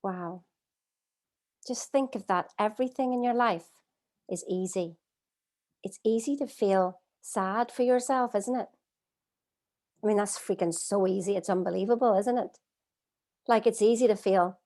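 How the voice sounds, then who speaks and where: Middle-aged woman, life coach, streaming from home, expressive, rhetorical questions. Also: on the high side, moderate pace, pauses often. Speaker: life coach hosting an online masterclass. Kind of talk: live-streamed coaching talk. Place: at home, streaming by video call.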